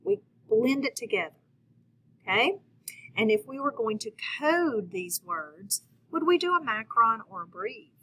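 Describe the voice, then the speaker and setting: A slightly high, sing-song woman's voice with a sharp tone teaches children a phonics lesson, captured in a rough recording with slight background noise. She speaks slowly and patiently, addressing viewers directly and encouraging them to answer.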